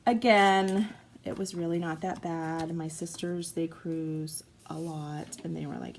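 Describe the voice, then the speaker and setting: A woman's voice: on the low side, fairly even intonation, a little slow, a little hiss or hum, poor audio. A woman in her forties, a mom chatting casually and rambling through a story while crafting at home. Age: 40s. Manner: chatty, rambling, self-mocking.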